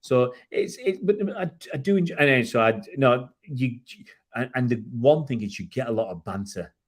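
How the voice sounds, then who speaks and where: A man's voice: mid-range voice, expressive, normal speed. A middle-aged man from England co-hosting a casual chat, rambling through jokey anecdotes with many restarts. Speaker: co-host.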